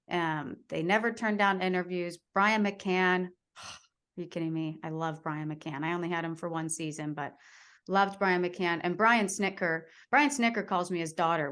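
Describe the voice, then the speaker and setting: A woman's voice: fairly low pitch, a bit bright, clear, resonant tone. A woman in her thirties, a sports reporter, telling stories in casual chat with an enthusiastic manner and many fillers. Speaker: baseball reporter, podcast guest.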